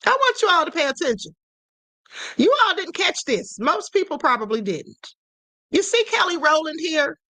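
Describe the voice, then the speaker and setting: Woman livestream host, high pitch, emphatic rhetorical questions, dry close sound. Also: pushed and bright, no echo. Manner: emphatic, rhetorical questions, addresses viewers directly. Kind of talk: political commentary livestream.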